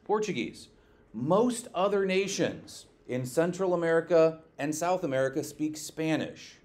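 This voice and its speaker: A male teacher giving a classroom lecture, lively, quizzing his students and checking in with "okay" often. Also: fairly high pitch.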